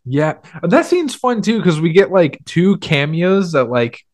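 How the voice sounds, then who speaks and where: A man's voice: fairly high pitch, sing-song, unhurried, no echo, clean studio sound. A young man co-hosting a podcast, chatting casually about a film and peppering his talk with fillers. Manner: rambling, heavy with "like" fillers. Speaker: podcast co-host. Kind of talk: casual film review chat.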